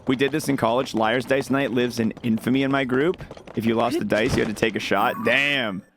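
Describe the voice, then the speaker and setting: A man's voice: medium pitch, fairly even intonation, a little fast. A young adult man streaming a game, chatting casually and rambling as he answers his chat. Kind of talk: casual live-stream chat while gaming. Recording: background noise with mouse clicks.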